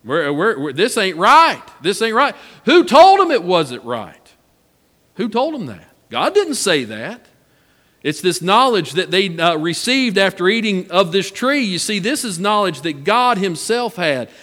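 A man's voice: high voice, very animated, a little slow, a bit bright, big-room sound. A man preaching a sermon, a folksy storyteller who repeats his phrases. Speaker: pastor.

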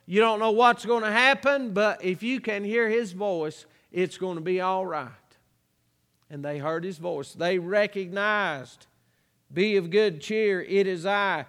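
A man preaching a sermon, drawing out scripture verses slowly and adding folksy asides. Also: high voice, a bit bright. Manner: slow drawn-out scripture reading, folksy asides. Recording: long hall reverb.

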